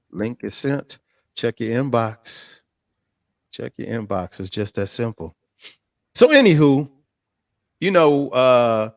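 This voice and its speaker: A man hosting a casual live-stream chat. He sounds animated, laughs a lot and reads viewer comments aloud. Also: medium pitch, dry recording, studio quality. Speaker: host.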